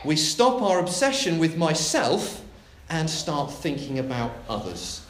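A male minister preaches with lively, dramatic expression, his fairly high voice swooping widely and broken by big pauses. The church echoes around him, over a faint hiss and clicks.

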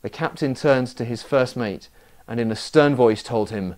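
A man's voice: medium pitch, moderate pace, a little mellow. A man preaching a sermon, telling stories with self-mocking humour.

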